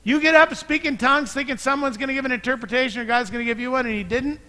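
A male pastor preaching in a relaxed, storytelling way, with quips along the way. His voice sits high and sounds bright and forceful. It rings out with a long reverb, as in a church sanctuary. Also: very fast. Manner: conversational, joking storyteller. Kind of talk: sermon.

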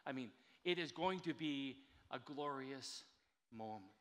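A man preaching a sermon as a pastor, earnest and emphatic, slowing down to stress key words. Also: mid-range voice, expressive, in a large hall.

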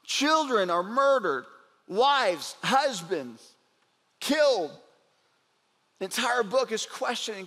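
A male pastor delivers an earnest sermon and slows down to let key points land. His voice sits unusually high for a man. It rings with the long reverb of a large hall. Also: very animated, sharp tone. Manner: earnest preaching, slows down for emphasis.

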